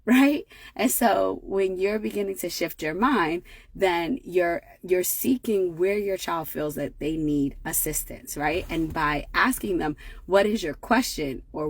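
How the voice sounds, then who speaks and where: A woman in her thirties, a parenting educator, gives a motivational talk to parents in a fairly low voice with no echo. Her manner is conversational, packed with fillers and tag questions, and she keeps checking in with "right?".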